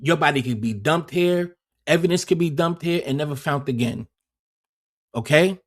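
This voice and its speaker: A man's voice: fairly high pitch, moderate pace. A man hosting a casual livestream, rambling and swearing heavily, often repeating words as he talks. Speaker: livestream host.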